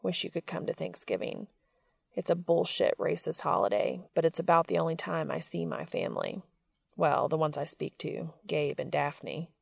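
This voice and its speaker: A woman reading the lines of an intense, tender adult male writer in a story, in her own low voice. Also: lively intonation, moderate pace, gravelly, husky, no room sound, clean studio sound, exaggerated voice.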